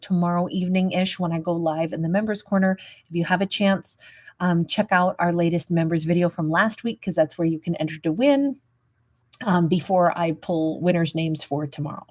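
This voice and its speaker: A woman's voice: on the low side, a little mellow. Peppy woman tarot reader livestreaming. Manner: peppy and emphatic, coaxing, greets viewers with endearments. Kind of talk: livestream tarot reading and viewer greetings.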